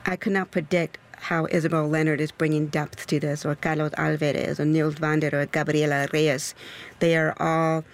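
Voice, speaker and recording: Enthusiastic composer being interviewed. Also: medium pitch. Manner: enthusiastic, expressive, speeds up and slows down. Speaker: opera composer. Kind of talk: interview answers.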